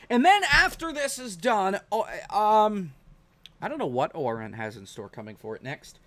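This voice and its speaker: A man's voice: a little high, very animated, moderate pace, a bit bright. A man hosting a sim racing broadcast, talking casually and rambling with frequent restarts. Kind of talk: live stream race commentary.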